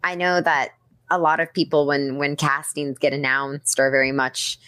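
Low-voiced woman, guest voice actress, eager rambling chat, dry close sound. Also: level tone, normal speed, a bit bright, no echo. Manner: enthusiastic, rambling, many "like"s and "um"s. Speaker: podcast guest, voice actress and writer. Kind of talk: casual podcast chat.

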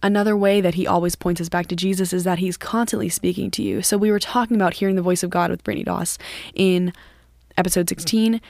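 A woman's voice: lowish voice, fairly even intonation, quick pace, vocal fry, darkish tone, no echo. Female host, earnest conversational devotional teaching, dry close-miked read. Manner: earnest and conversational, with frequent "like" and "literally". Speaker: podcast host.

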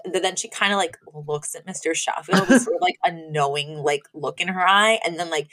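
Quick-paced and mid-range, her voice has a slightly bright quality. As a podcast co-host she chats through a recap of a TV episode, rambling with lots of filler words and giggling often.

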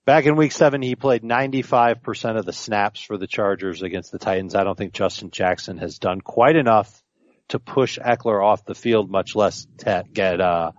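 A man's voice: lowish voice, normal speed, dry recording, lo-fi sound. A man co-hosting a fantasy football podcast, arguing his picks emphatically and confidently in casual chat. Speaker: podcast co-host.

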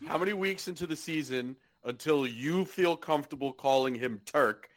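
A man's voice: a little high, moderate pace. Sarcastic man podcast host. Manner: sarcastic, swears, mock outrage. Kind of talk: casual podcast chat.

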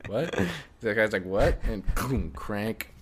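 A man's voice: fairly low pitch, takes it slowly, a little hiss or hum. A young man co-hosting a comedy podcast, rambling through improvised bits with lots of laughing and swearing. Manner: rambling, laughing, swearing, jumps into silly voices. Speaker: podcast co-host.

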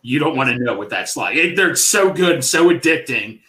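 A man's voice: medium pitch, animated, moderate pace, pushed and bright. A man co-hosting a podcast, telling crude joking stories in casual chat. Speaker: podcast co-host. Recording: echoey room.

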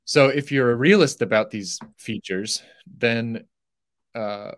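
A man's voice: medium pitch, slow, no room sound, studio quality. A man on a podcast as a guest, explaining philosophy carefully and correcting himself as he goes.

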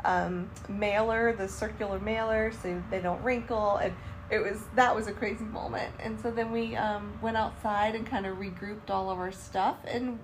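Background noise surrounds a woman co-hosting a casual podcast about travel. Originally from Charlotte, North Carolina, USA, she speaks at a moderate pace in a mid-range voice, telling her story animatedly with frequent laughter and acted-out quotes.

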